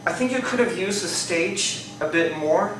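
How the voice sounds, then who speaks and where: Brief: male speech evaluator, slightly high voice, chatty and hedging, far-off mic with heavy room echo. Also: animated, normal speed, a bit bright, a little hiss or hum. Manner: conversational, hedges often with "I think" and "you know". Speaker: speech evaluator at a speaking club. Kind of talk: spoken speech evaluation to a live audience. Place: club meeting room. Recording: very echoey room from a distance.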